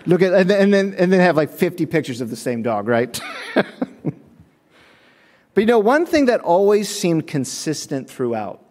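A man preaching a sermon, telling lively stories with acted-out voices and frequent chuckles, in a church. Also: high voice, normal speed, pauses often. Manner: animated storytelling, acts out voices, chuckles often. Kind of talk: sermon with humorous anecdotes. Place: church sanctuary. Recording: long reverb of a church sanctuary.

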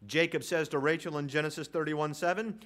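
A man preaching a sermon in a church, reading scripture slowly and swinging between loud declarations and hushed, low lines. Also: steady tone. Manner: reads scripture aloud with deliberate slow pauses. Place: church sanctuary.

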